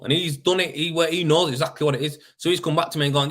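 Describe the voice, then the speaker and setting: A man's voice: a little high, steady tone, very fast, few pauses, a bit bright. A man hosting a casual live show, talking loosely and swearing. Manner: swearing, mate-heavy and chatty. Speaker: podcast host. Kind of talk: casual live-stream chat.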